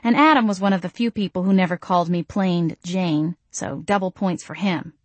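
A woman's voice: on the low side, moderate pace, no echo. Wry woman narrating an audiobook. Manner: wry, self-deprecating. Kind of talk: first-person audiobook narration.

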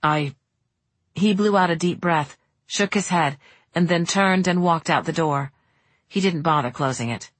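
A woman reading a novel aloud in steady audiobook narration. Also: on the low side, normal speed, no room sound.

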